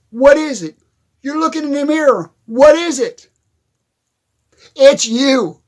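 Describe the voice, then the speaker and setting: A man giving an emphatic, repetitive motivational monologue, addressing the listener directly. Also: very high voice. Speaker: motivational speaker.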